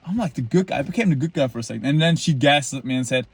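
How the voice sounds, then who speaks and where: A man's voice: medium pitch, quick pace, few pauses, dry recording. A man in his twenties telling a story to a camera outdoors in the cold, rambling and boastful, full of likes and restarts. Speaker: vlogger.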